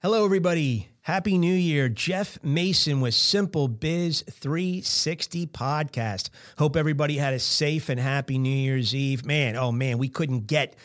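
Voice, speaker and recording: A man's voice: fairly high pitch, moderate pace, few pauses. A man hosting a casual business podcast from a recording studio, chatty and upbeat, often tossing in "man" and "right?". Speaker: podcast host.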